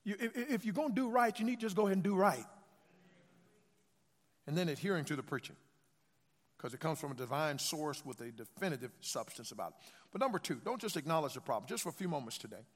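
High, lively preaching man. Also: fast. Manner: call-and-response preaching, repetitive emphatic phrasing. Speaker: pastor. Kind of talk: sermon. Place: church sanctuary. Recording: long reverb of a church hall.

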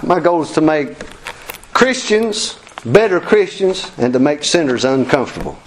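A man preaching in a folksy, animated way. His pitch swoops widely as he acts out quotes and chuckles between points. His voice sits a little high. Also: normal speed, slight background noise, poor audio. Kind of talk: sermon.

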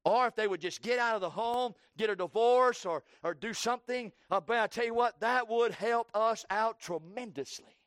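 A man preaching a sermon with fervor, swinging between loud cries and hushed tones and repeating his phrases for emphasis. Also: high-pitched, normal speed, few pauses, no room sound, clean studio sound.

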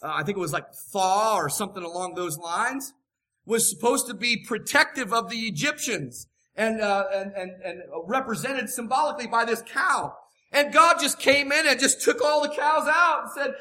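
Man, preacher, very high voice, sharp tone, emphatic, repeats phrases. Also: moderate pace. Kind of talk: sermon.

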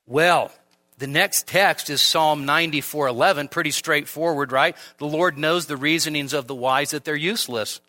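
A man preaching an expository sermon at a midweek church service, lively and conversational, with frequent rhetorical questions. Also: on the high side, moderate pace. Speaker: pastor.

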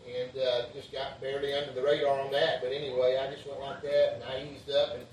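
A man's voice: mid-range voice, flat delivery, a little fast, a little hiss or hum. A man, preaching a folksy revival sermon as a pastor, full of amens and fillers. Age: 60s. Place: church revival service. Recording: echoey church from a distance.

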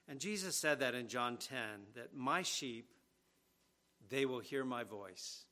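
A man's voice: medium pitch, sharp tone. A man preaching an expository sermon, earnest and emphatic, leaning hard on key phrases.

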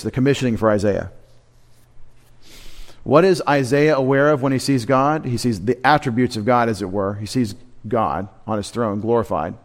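This is an expository sermon from a church sanctuary, given by a male pastor with a mid-range voice who works through the text one line at a time. His teaching relies on rhetorical questions that he then answers, along with purposeful repetition to stress important words.

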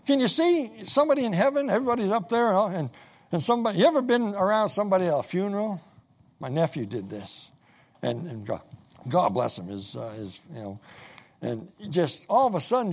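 A middle-aged man preaching a sermon, reading scripture aloud and often repeating himself as he builds his points. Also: high voice.

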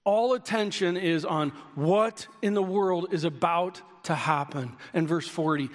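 High-voiced preacher in a reverberant hall. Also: male voice, unhurried, few pauses. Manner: animated preaching, shouts key lines. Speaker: pastor. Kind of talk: sermon.

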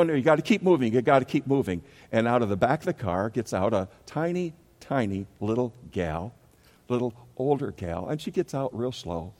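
A man's voice: fairly low pitch, darkish tone, in a large hall. A man preaching a sermon as pastor, telling a story from his own life and acting out its scenes. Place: church sanctuary.

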